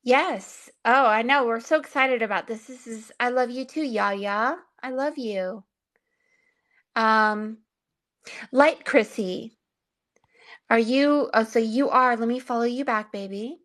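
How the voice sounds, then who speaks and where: A woman who gives spiritual readings talks in a loose, chatty and affectionate way during a casual livestream. Her voice sits slightly high. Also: takes it slowly, fairly bright tone. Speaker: psychic reader and guest.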